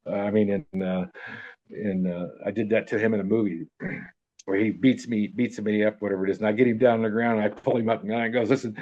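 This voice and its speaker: Low-voiced older man, rambling profane storyteller. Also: steady tone, a little fast, warm tone. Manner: rambling, profane, acts out the quotes in his story. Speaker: interviewee telling a life story. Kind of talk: casual spoken anecdote. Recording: dull, muffled lo-fi recording.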